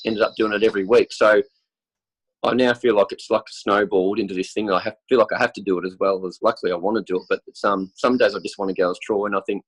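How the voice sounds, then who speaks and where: A man's voice: lowish voice, a bit bright, low-quality recording. An Australian man with a cold, a podcast guest telling rambling stories in casual chat, full of fillers and restarts. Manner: rambling, chatty storytelling with many fillers. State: has a cold, clears throat. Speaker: interview guest, football superfan.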